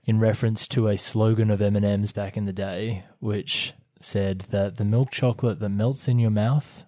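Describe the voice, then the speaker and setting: A low, mellow man's voice chats casually on a podcast. He hesitates often and admits when he hasn't done his research. The sound is dry and dead. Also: steady tone, normal speed, no echo. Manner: hesitant, frequent "um" and "like", self-deprecating. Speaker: podcast co-host. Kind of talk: casual chat.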